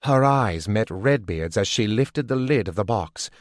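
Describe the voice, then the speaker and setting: A man reading a fantasy audiobook as scripted narration, in a measured, deliberate way. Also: fairly low pitch, lively intonation, no room sound, clean studio sound.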